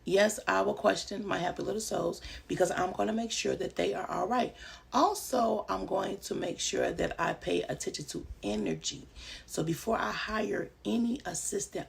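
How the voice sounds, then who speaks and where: A woman's voice: mid-range voice, gravelly. A woman who runs a home daycare, giving casual advice in a vlog and stressing her points by repeating them.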